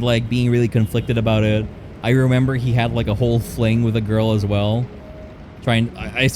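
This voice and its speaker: A man's voice: mid-range voice, a little mellow, a little hiss or hum. A young man livestreaming, telling a personal story in a casual, rambling way, often restarting and correcting himself.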